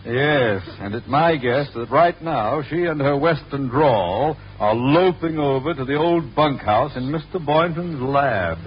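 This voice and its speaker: A man's voice: mid-range voice, animated, unhurried, hardly any pauses. Pompous principal guy on an old radio comedy, muffled, a bit of hiss. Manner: pompous, self-important. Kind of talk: 1950s radio sitcom acting.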